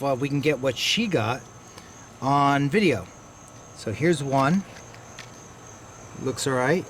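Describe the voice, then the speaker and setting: Guy in his 30s chatting in his backyard, kinda high voice, crickets buzzing faintly behind. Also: a little hiss or hum. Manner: chatty, animated retelling with quoted voices. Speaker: fig-growing channel host. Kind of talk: casual storytelling vlog. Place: outdoors in a backyard garden.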